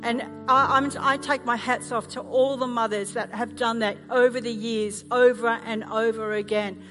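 A middle-aged Australian woman pastor preaching a sermon, telling animated stories with self-mocking humor. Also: on the high side, moderate pace. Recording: music playing underneath.

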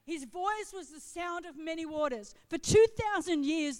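Woman, middle-aged, pastor, high voice, passionate preaching, long church reverb. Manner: impassioned, swelling loud on declarations. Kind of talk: sermon. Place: church auditorium.

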